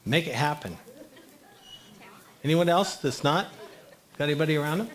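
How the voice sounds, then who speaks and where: A man's voice: a little high, animated, normal speed. Man leading a church prayer time. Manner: direct, encouraging, calls out to the room. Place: church service before a congregation.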